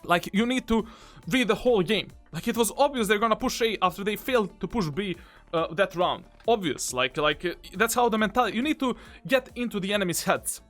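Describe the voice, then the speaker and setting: A man commentating on his own gameplay as a coach. He is excitable and boastful and keeps calling the viewer bro. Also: high-pitched, fairly quick, soft background music. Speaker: game coach reviewing his own match.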